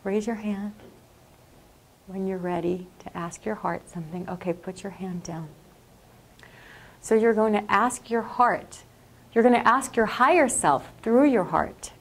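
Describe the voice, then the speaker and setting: A woman leading a workshop, guiding a group through a meditation in a slow, calm and soothing way. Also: medium pitch. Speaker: workshop leader. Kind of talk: guided meditation. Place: classroom or workshop.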